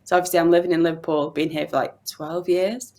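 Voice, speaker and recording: A woman's voice: fairly low pitch, flat delivery, quick pace, darkish tone. A woman in her thirties with a strong Yorkshire accent, chatting as a podcast guest over a video call and laughing often. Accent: Yorkshire English. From Yorkshire, England. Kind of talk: casual video-call chat.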